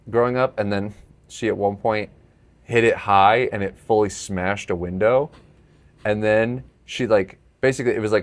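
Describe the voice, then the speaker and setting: Casting: young male podcast host, lowish voice, chatty storyteller, easy laughs. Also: gravelly. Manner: storytelling, laughs often, animated when acting out scenes. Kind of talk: casual chat.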